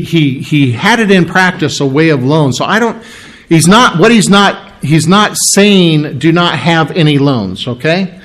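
A man preaching a sermon, with a halting delivery full of restarts and frequent throat clearing. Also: fairly high pitch. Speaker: pastor.

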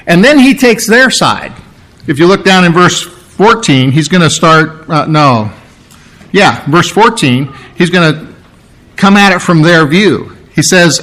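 A man's voice: high-pitched, animated, a little slow, fairly bright tone. A man preaching an expository sermon, teaching verse by verse in an emphatic way and repeating key words for weight.

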